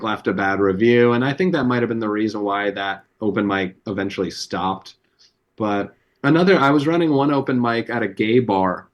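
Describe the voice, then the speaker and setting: A man with a somewhat low voice tells stories as a comedy podcast guest. He rambles casually, swears freely and leans on fillers between beats. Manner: loose, profane storytelling with many fillers. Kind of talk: casual anecdote telling.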